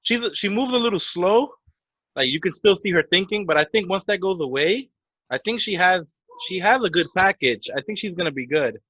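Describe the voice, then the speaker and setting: Male podcast co-host, slightly high voice, dry and dull lo-fi sound, laid-back match recap. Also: lively intonation, brisk, sharp tone, no room sound. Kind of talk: casual wrestling review chat.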